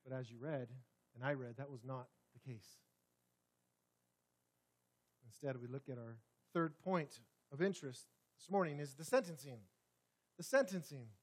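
A man preaching a sermon in a church sanctuary, swinging dramatically between loud, forceful passages and hushed ones. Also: mid-range voice, moderate pace, long pauses. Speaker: pastor.

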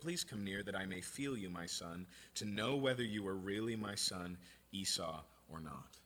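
A man giving an expository sermon, reading scripture aloud and explaining it in a conversational, animated way. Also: mid-range voice, slightly rough. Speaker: preacher.

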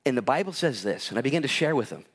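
A man pastor preaching a sermon in a church, telling personal stories in an animated, lively way with big swings in pitch. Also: very fast, breathy edge. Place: church sanctuary.

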